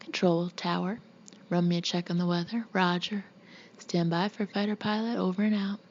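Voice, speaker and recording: A woman's voice: on the low side, fairly even intonation, normal speed, a little hiss or hum, natural voice. A woman voicing a blustering, mocking Marine fighter pilot father in a whispered audiobook reading, on a dull, muffled recording. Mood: gruff.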